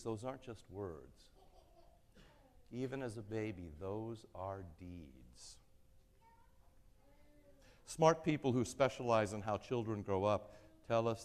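A man preaching a sermon in a church, speaking gently and with measure, letting the ends of his phrases fall soft. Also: fairly low pitch, expressive, a little slow, big-room sound. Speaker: pastor.

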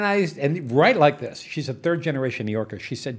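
A man in a relaxed interview spins animated anecdotes about his business ventures. His voice sits at a middle pitch, and he chuckles and trips over his words as the stories build. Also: fairly quick, breathy edge. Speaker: business investor and guest. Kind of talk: casual storytelling interview.

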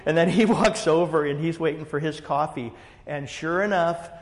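Male pastor, casual rambling storyteller, slightly high voice, reverberant room. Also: normal speed. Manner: animated, rambling, many fillers. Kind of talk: casual storytelling in a group chat.

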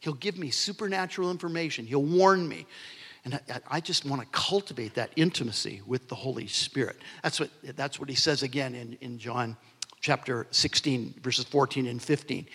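A man's voice: medium pitch, moderate pace, a bit bright, slightly rough. A man in his sixties preaching a sermon as pastor, earnest, swelling into emphasis and dropping to near-whispers. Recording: long hall reverb.

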